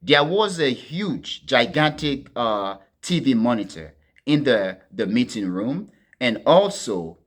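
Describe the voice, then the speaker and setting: A man hosting a political commentary monologue, talking to his listeners as friends in a deliberate, emphatic way and leaning hard on key words. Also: mid-range voice. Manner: deliberate, addresses listeners as friends, stresses words with sharp swings in loudness.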